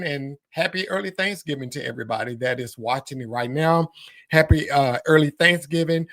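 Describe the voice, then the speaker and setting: A man's voice: fairly high pitch, no room sound. A man hosting a live-streamed podcast, chatting casually with viewers and greeting them by name as he reads their comments aloud. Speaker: podcast host.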